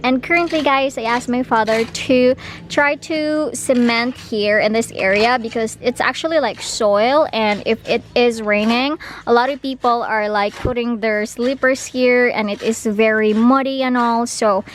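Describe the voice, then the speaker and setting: High-voiced Filipino woman vlogging. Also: fairly even intonation, unhurried, a little hiss or hum. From Philippines. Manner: chatty, giggly, addresses viewers directly. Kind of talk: casual vlog narration. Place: outdoors at a rural house.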